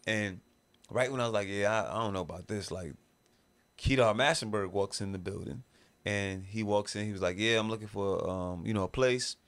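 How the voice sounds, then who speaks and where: Speaking at a moderate pace, a fairly low-pitched man with a fairly bright tone tells a long, casual story as a guest on a podcast interview. He has a New York accent from Brooklyn and uses slang while acting out the voices he quotes.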